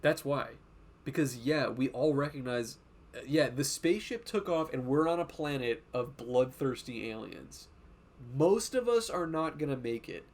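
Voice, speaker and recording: A male art streamer chatting loosely on a livestream as he draws, his voice sitting at an ordinary middle pitch. He swears freely, drifts off on tangents and keeps coming back to the drawing. He often slips into animated quoted voices to act out what people said. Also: normal speed. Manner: rambling and profane, jumping between tangents. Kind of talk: casual livestream chat while drawing.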